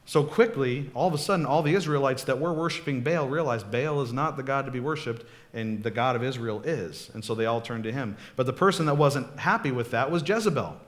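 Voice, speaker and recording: A pastor gives a relaxed, conversational sermon in a mid-range male voice. He talks plainly and checks in with listeners often, keeping it informal rather than grand. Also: mid-range voice, brisk, hardly any pauses. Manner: chatty, checks in often with "okay?" and "right?".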